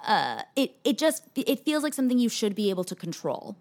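A young adult woman chatting casually as a podcast guest, animated and full of restarts and fillers. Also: a little high, a little fast. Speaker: podcast guest, actress and author. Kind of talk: casual chat.

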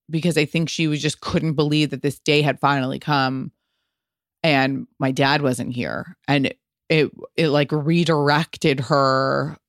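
A woman's voice: deep voice, clear, resonant tone, dry recording, clean studio sound. A woman in her thirties hosting a podcast, telling a story in a chatty way, full of "like" and casual swearing. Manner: chatty, frequent "like" fillers and swearing. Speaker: podcast host.

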